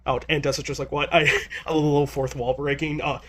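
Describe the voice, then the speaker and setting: A man with a slightly higher voice talks through a manga chapter in a loose, chatty way. He stumbles and restarts often, sounding a little nervous. He keeps a lightly amused tone throughout. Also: level tone, a little fast, a little hiss or hum. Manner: nervous, stammering with many restarts. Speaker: manga reviewer. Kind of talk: casual chapter review.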